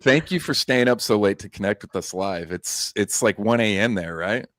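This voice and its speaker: An easygoing man hosts a casual livestream, with a slightly low voice and a relaxed, filler-heavy delivery. The sound is dry and close, as on a video call. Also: moderate pace, dry recording. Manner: easygoing, laid-back, with filler words. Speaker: host.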